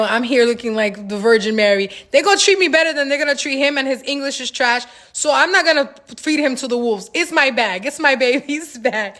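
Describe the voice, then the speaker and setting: A woman hosting a casual livestream Q&A, telling stories in an animated, slangy way with laughs, into a phone mic. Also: a little high. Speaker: livestream host answering viewer questions.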